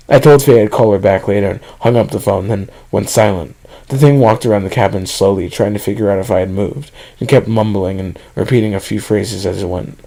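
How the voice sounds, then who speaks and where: A man narrating a first-person horror story at a steady reading pace. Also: fairly low pitch, gravelly, rough recording.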